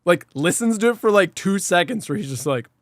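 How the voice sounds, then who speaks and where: Animated man retelling a TV episode. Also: high-pitched, fairly quick, dry recording, studio quality. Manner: animated retelling, swears freely, acts out lines and sound effects. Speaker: podcast co-host. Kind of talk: casual chat recapping an episode.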